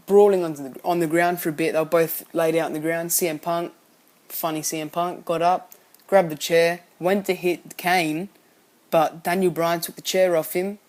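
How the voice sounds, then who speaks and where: A man giving a casual spoken recap of a wrestling show, rambling and often correcting himself as he goes. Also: fairly high pitch. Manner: rambling, frequently self-correcting.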